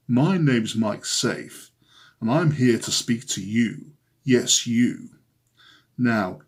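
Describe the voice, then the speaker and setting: A man's voice: fairly low pitch, breathy edge, heavily acted. A man playing a smug self-styled ladies' man who talks with slick, boastful charm in a comedy sketch.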